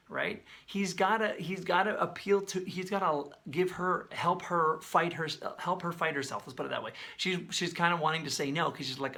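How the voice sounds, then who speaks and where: A man breaking down a song's lyrics in casual, animated video commentary, sometimes singing and beatboxing snippets. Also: sits high, moderate pace. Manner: animated, talks with his hands, sings and beatboxes snippets; conversational, many fillers. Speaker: songwriter breaking down a song.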